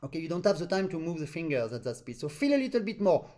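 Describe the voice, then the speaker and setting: Fast and sing-song, his mellow voice sits on the high side. The French-accented, non-native English speaker is giving a live online accordion master class and sings out rhythms with syllables.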